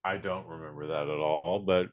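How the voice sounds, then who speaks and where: A man co-hosting a podcast in casual chat, quick to agree and to break in with corrections. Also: very deep voice, steady tone, narrow, tinny audio. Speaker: podcast co-host.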